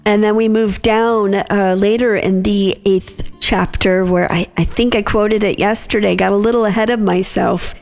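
A woman in her thirties giving a gentle devotional reflection as host, unhurried and soft with small laughs. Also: mid-range voice, fairly even intonation, faint music behind.

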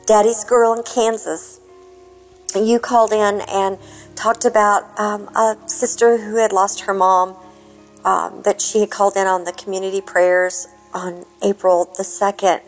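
A woman from Kentucky calling in to a prayer line, speaking in a tearful, heartfelt way with many pauses and fillers. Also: medium pitch, flat delivery, faint music behind, poor audio. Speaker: caller. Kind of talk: emotional phoned-in message.

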